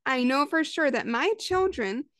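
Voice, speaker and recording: A woman in her thirties hosts her own parenting podcast, chatting in a lively, easy way and slipping into little voices for the people she quotes. Her voice sits fairly high. The recording is close and dry, with no room sound. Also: a little slow, no room sound. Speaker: parenting coach and podcast host. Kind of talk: solo podcast monologue.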